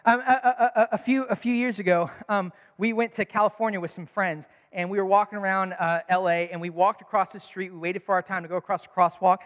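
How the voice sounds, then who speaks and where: Man, pastor, sermon, high voice, animated storytelling, long hall echo. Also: brisk, few pauses. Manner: animated storytelling, acts out quotes.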